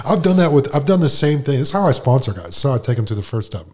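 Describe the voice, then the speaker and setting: A man's voice: mid-range voice, sing-song, fast, hardly any pauses, a little mellow. Man telling his recovery story casually. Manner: casual storyteller who acts out dialogue with "I'm like" and "she's like". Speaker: recovering addict sharing at a meeting, sponsor.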